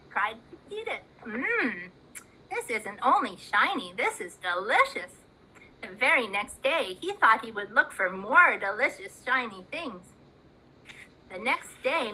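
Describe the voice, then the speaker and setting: A woman narrating a picture story to teachers, slowly and expressively, adding gasps and sound effects. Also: high voice, sharp tone, rough recording. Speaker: storyteller and workshop presenter.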